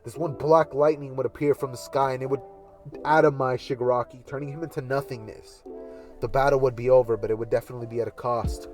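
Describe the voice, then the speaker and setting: A man's voice: medium pitch, steady tone, quick pace, a little mellow, soft background music. A man casually narrating a hypothetical anime fight scenario, rambling with fillers. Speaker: YouTuber. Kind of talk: casual fan-fiction storytelling.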